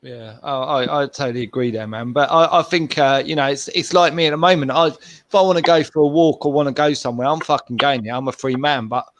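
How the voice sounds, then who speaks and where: A man's voice: medium pitch, fairly quick, few pauses, no echo. A man on a livestream panel speaking casually, agreeing and swearing now and then. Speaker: panel guest. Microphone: video call.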